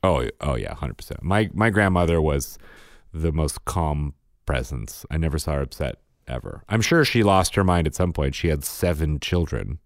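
A man's voice: a bass voice, animated, normal speed, no room sound, clean studio sound. A man, a father, telling a parenting story in casual chat, matter-of-fact in tone. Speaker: podcast co-host and father.

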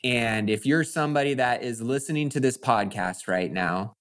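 A man's voice: medium pitch, normal speed, a bit bright. A man co-hosting a podcast, talking in an earnest, motivational way in casual chat. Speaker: podcast co-host.

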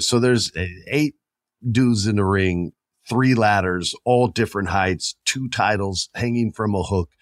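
Low-voiced guy rambling away on his podcast, super dry sound, talks right at you. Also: no echo. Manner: chatty and rambling, talks straight to listeners. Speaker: podcast host. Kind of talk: casual chat.

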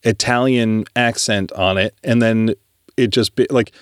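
A man with a lowish, clear, resonant voice co-hosts a podcast, speaking at a measured pace with fairly even intonation. In casual chat he rambles, restarts often, and swears freely, in clean studio sound with no room noise.

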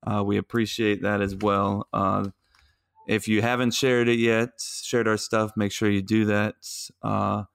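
A man with a low, gravelly voice, thanking listeners in a relaxed, rambling way. The sound is dry and close. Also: dry recording. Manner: relaxed, filler-heavy. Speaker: podcast co-host. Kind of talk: casual chat.

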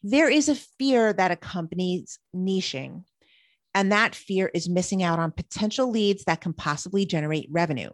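A woman's voice: lowish voice, animated, moderate pace, dry recording. A woman co-hosting a marketing podcast, reading prepared points in an upbeat way. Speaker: podcast co-host. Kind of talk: scripted podcast chat.

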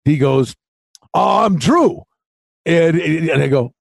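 A man co-hosting a sports betting podcast in casual chat, an animated storyteller who acts out other people's lines. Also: a little high, unhurried, gravelly, no echo. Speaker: podcast co-host.

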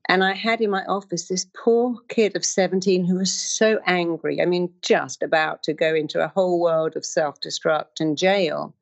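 Woman therapist, lowish voice, telling stories and doing the voices, kinda muffled audio. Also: fairly even intonation, moderate pace, gravelly, few pauses. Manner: storytelling, acts out quoted voices. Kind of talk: motivational talk with personal stories.

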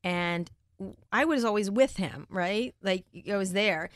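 A middle-aged woman journalist talking bluntly and quickly in a casual interview, laughing often. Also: mid-range voice, no room sound, studio quality. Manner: fast, blunt, laughs often, mimics people in stories. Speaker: interview guest, tech journalist.

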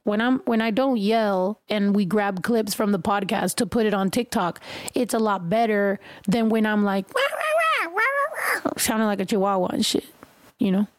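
A woman hosting a podcast in casual chat, loud and excitable, swearing freely. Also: mid-range voice, normal speed. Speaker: podcast host. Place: podcast room.

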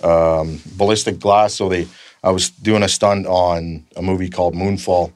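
A man's voice: deep voice, steady tone, moderate pace, no echo. A Canadian man telling rambling work stories in a casual chat, swearing freely as he goes. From northern Canada. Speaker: guest, stuntman.

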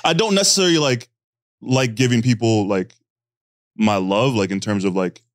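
A man in casual podcast chat as a guest, talking loosely with lots of fillers and quick laughs. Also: fairly low pitch, no room sound, studio quality. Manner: hesitant, filler-heavy, laughing.

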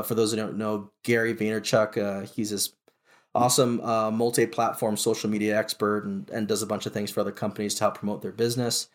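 Animated male veteran telling his story. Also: on the low side. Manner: lively, animated retelling with many restarts and fillers. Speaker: military veteran guest. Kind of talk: casual storytelling interview.

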